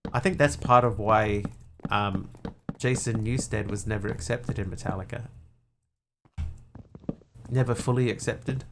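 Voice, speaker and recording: While streaming a game, a man thinks aloud, counts items under his breath and chats casually with viewers. His lowish voice has vocal fry and a measured pace, with background noise behind it.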